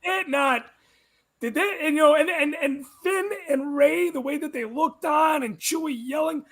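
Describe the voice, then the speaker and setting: A man's voice: very high-pitched, normal speed, a bit bright. A man who is the guest host on a casual podcast chat, rambling and laughing as he gives his opinions. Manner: rambling, laughing, with frequent restarts.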